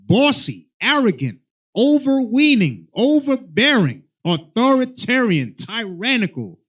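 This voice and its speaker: A man in a class reading dictionary definitions aloud, halting and going word by word. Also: very high-pitched, sing-song, fairly bright tone, breathy edge. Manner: halting, reads words out one by one. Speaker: reader in a class.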